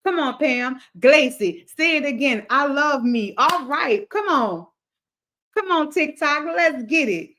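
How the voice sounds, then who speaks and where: A woman's voice: sits high, animated, slow, bright, forceful tone. A woman hosting a motivational livestream, talking to her chat in an emphatic, repetitive cadence like a preacher. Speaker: livestream host.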